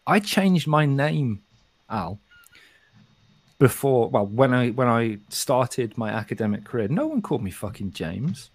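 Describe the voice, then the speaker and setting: A middle-aged man from England with a softened West Midlands accent, talking frankly and swearing often as a podcast co-host. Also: mid-range voice, very animated, measured pace, no room sound. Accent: softened West Midlands English. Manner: frank and sweary, with frequent restarts. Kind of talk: casual podcast chat.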